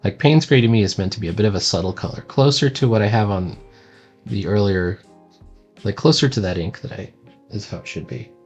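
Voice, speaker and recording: A man's voice: fairly low pitch, a little fast, darkish tone, slightly rough, dull audio, faint music behind. A man casually touring his own sketchbook as a cartoonist, rambling and self-deprecating, with lots of ums.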